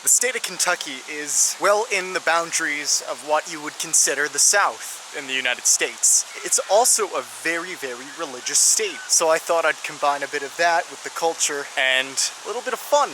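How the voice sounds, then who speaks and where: A man narrating his travel vlog with a slightly raised voice and an explanatory, dryly humorous manner. He records outdoors in a city, with traffic noise clearly heard behind him. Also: on the high side, lively intonation, moderate pace, few pauses. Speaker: travel vlogger. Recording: noisy outdoor street recording.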